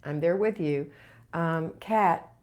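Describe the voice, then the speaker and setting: Chatty encouraging woman, lowish voice. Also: slow, darkish tone. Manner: chatty and encouraging, reads comments aloud. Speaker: home organizing channel host. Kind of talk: live Q&A reading viewer comments.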